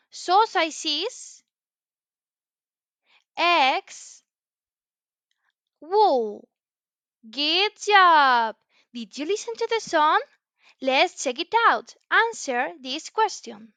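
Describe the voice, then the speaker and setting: Woman, children's teacher, very slow sing-song delivery, bright voice. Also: high-pitched, dry recording. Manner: slow, exaggerated and encouraging, with repeated praise. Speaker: English teacher for young learners.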